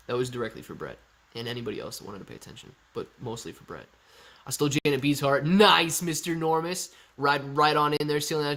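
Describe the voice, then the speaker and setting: A young man hosting a live stock-market Q&A stream, chatty and energetic as he reads viewer messages aloud. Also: fairly high pitch. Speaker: livestream host.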